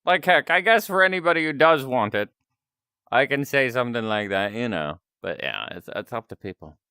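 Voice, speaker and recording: A man chatting casually with his stream audience while taking requests, talkative and quick to laugh at himself. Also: mid-range voice, animated, bright, forceful tone, clean tone, dry recording, clean studio sound. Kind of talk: casual chat.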